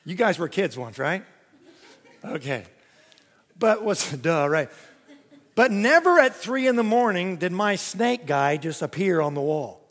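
A man preaching a sermon, telling lively stories with jokes and little voice impressions. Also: sits high, unhurried, pauses often, big-room sound. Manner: animated storytelling with jokes and voice impressions.

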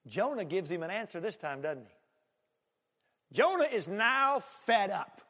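Animated male preacher in reverberant church. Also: high voice, normal speed, husky. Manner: animated, swinging from loud to hushed. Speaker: pastor. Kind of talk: sermon.

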